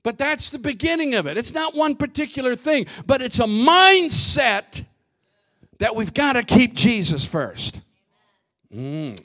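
A man preaching a sermon as pastor, swinging from shouted lines to hushed asides, often repeating and restarting his words. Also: very high voice, sing-song, unhurried.

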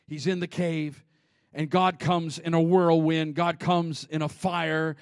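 A pastor with a high voice delivers a sermon in a church. He moves between hushed, breathy whispers and loud, ringing shouts as he preaches. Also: expressive, measured pace. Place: church sanctuary.

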